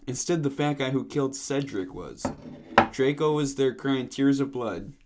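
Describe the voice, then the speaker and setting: A man's voice: mid-range voice, animated, normal speed, noisy background. A young man co-hosting a casual podcast, reading fan fiction aloud in a dry, matter-of-fact way. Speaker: podcast co-host.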